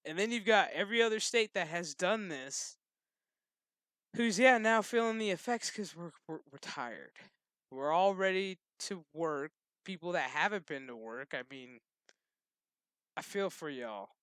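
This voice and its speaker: A man with a high, bright voice rants at length, loose and profane, chuckling between thoughts. His voice comes through smooth and clear on a dry, close recording. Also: animated, normal speed, no echo. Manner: loose, swearing, laughing. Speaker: channel host. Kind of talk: casual rant to camera.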